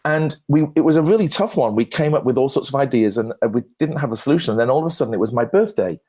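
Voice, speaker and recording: A man answers questions on a conference stage as a branding expert. He tells his stories in an animated, self-deprecating way, often restarting his sentences and laughing at his own jokes. His voice sits at an ordinary middle pitch for a man. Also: quick pace, breathy edge. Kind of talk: conference Q&A talk, anecdotal.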